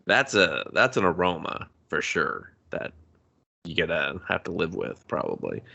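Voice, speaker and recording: Brief: low male co-host, forceful tone, profane scene-by-scene recaps. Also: big pitch swings, a little slow, creaky, highs cut off. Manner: profane, retells scenes with quoted voices. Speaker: podcast co-host. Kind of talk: casual movie review chat.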